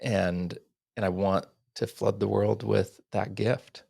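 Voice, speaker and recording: A man hosting a podcast, earnest and rambling, often dropping to a soft near-whisper. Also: on the low side, fairly even intonation, slow pace, creaky, no echo, studio quality. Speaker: podcast host. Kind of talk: casual interview chat.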